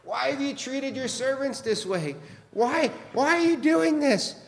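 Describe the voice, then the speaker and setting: A man's voice: extremely high pitch, lively intonation, a little slow, creaky, big-room sound, voice pushed up, heavily acted. A man preaching, voicing desperate male foremen who plead and complain about unfair treatment.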